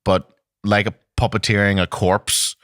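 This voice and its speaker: A man's voice: fairly low pitch, level tone, a little slow, a bit bright, no echo, clean studio sound. A man with a Liverpool accent, co-hosting a comedy gaming podcast in casual, sweary banter. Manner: sweary, laid-back. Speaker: podcast co-host.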